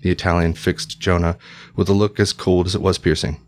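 Deep-voiced male audiobook narrator. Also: little pitch movement, darkish tone. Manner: measured, formal storytelling.

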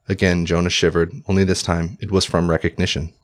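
A male narrator reading a historical tale aloud. His voice is low and deep, and his delivery is measured and formal. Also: little pitch movement. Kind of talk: audiobook narration.

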